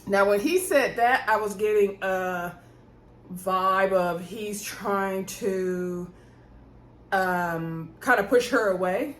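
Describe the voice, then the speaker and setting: A woman's voice: medium pitch, slow, a little hiss or hum. Sassy lady recapping a reality show, lots of acted-out quotes, roomy echo. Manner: sassy, animated retelling with quoted voices. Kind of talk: casual recap chat.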